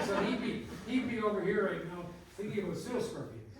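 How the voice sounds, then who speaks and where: An older guest botanist rambles through tangent-heavy, laughing stories in a high-pitched voice whose pitch swoops wildly, speaking a bit slowly with long pauses. The recording is very noisy, echoey, and taken from a distant microphone.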